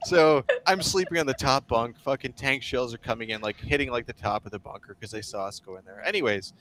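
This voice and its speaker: A man with a mid-range voice, recounting frontline stories as a stream guest. He swears constantly and talks bluntly, with a dry, dark sense of humor. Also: mid-range voice, brisk, a little hiss or hum. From United States. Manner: profane, blunt, heavy swearing. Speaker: guest, foreign volunteer soldier. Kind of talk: casual war storytelling on a stream.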